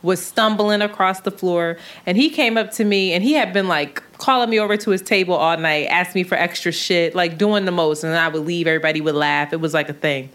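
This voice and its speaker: Animated woman telling a story. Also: lowish voice, a little fast, few pauses. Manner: animated storyteller, laughing through anecdotes. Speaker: podcast guest. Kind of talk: casual chat.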